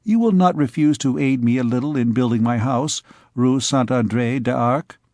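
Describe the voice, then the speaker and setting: A man voicing a greedy, cunning royal physician who speaks in a slow, pompous, wheedling way, in an audiobook reading. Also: medium pitch, darkish tone, dry recording, lightly acted.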